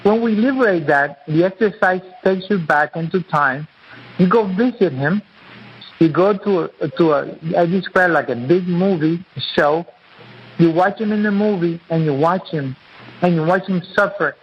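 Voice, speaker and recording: A man's voice: high voice, moderate pace, dull audio, a little hiss or hum. A man guest, an author and acupuncturist, explaining his teaching in an earnest, repetitive, teacherly way during an interview.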